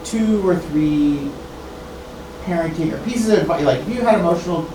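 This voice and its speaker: A man's voice: on the high side, lively intonation. Hesitant man asking from far off. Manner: hesitant, halting. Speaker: parent asking a question. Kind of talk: audience question. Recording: echoey room, far from the mic, noisy.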